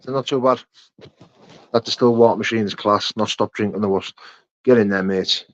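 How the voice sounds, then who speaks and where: A man's voice: lowish voice, level tone, fairly quick, no room sound. A young man hosting a casual live chat, reading out viewers' names and answering their questions. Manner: reads out viewer names and greets them, chatty and matey. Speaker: livestream host answering chat. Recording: dull muffled sound.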